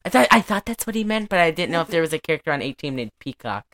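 This is a young woman on a casual podcast, retelling a movie in a loose, rambling way. Her voice sits on the lower side but her pitch swings widely as she goes. She fills her talk with "like" and slips into quick impressions of the characters. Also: sing-song, a bit bright. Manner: rambling, many "like" fillers, acts out lines from the film. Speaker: podcast co-host. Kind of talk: casual movie recap chat.

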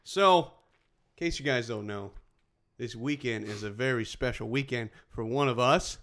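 A man co-hosting a podcast, bantering crudely and laughing often. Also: moderate pace. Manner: laughs often, crude jokes, lively swings in pitch. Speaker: podcast co-host.

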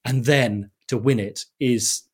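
A middle-aged man, a television sports presenter, telling stories in a relaxed interview with self-deprecating laughs. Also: medium pitch, takes it slowly, slightly rough. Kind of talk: conversational interview storytelling.

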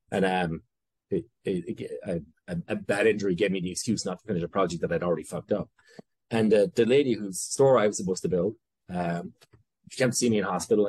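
An Irish man speaks as an interview guest, his voice low and a little husky. He wanders and restarts his thoughts, dropping the odd swear word. The sound is close and dry. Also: darkish tone, dry recording. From Ireland. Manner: rambling, self-interrupting, candid with casual swearing. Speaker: guest entrepreneur. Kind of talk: conversational interview.

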